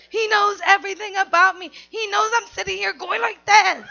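Woman telling a juicy story on herself, gravelly fry, sharp bright tone, muffled lo-fi audio. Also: very high-pitched, fairly quick, hardly any pauses. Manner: candid, animated, confessional. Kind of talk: personal storytelling. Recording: dull lo-fi recording.

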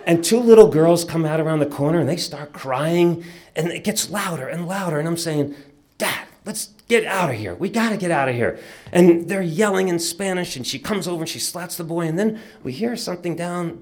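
A man in his sixties telling a personal childhood story vividly, swinging from loud bursts to hushed moments. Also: fairly high pitch, normal speed.

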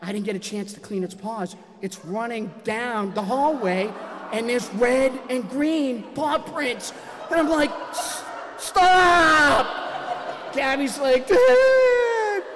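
A man doing stand-up storytelling, animated and acting out his own shouts. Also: extremely high pitch, measured pace, in a large hall, noisy background. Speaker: comedian telling a story.

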